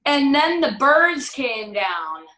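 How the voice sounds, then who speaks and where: Heavy background noise surrounds a woman performing a dry, teasing storyteller in a filmed virtual theatre piece, her high voice slow and sing-song. She plays the unbothered narrator who twists the story to suit herself, heavily acted, recorded in a roomy space far from the mic.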